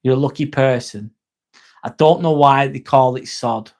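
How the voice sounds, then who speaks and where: A man's voice: mid-range voice, normal speed, a little mellow. A man with an English accent, casually chatting on a livestream and answering viewer comments by name, swearing freely. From England. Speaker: live streamer.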